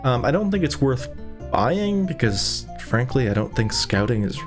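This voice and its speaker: A man's voice: medium pitch, big pitch swings, normal speed. A man hosting a let's play, chatting casually about the game with rambling, amused asides. His voice sits in a middle register but swings up and down a lot, and faint game music plays underneath. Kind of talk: casual gameplay commentary.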